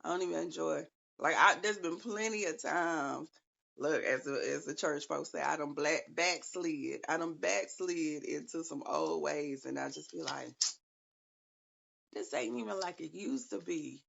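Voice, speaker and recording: A woman's voice: sits low, moderate pace, gravelly, fairly bright tone, muffled recording. A woman giving viewers a casual spiritual tarot reading, chatty and slangy, talking straight to them. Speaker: tarot reader.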